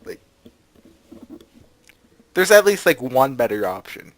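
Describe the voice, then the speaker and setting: Lively sarcastic let's-play guy. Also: medium pitch, takes it slowly, long pauses, no echo. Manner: sarcastic, jokey asides between read lines. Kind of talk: reading a visual novel aloud with joking commentary.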